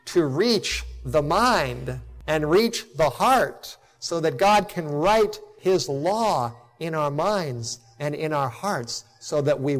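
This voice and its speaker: Middle-aged male preacher, slightly high-pitched, impassioned sermon delivery that swells and then drops soft. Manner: impassioned, rising to emphatic peaks then dropping soft; storytelling with acted quotes.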